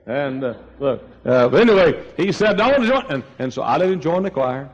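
An older man preaching a sermon, telling folksy stories and swinging between quiet asides and loud, high exclamations. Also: expressive, normal speed, dull audio. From East Texas. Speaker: pastor.

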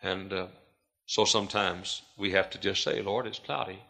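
A man preaching a sermon as pastor, swinging from hushed, quiet lines to loud, shouted climaxes. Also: deep voice, steady tone, moderate pace, creaky.

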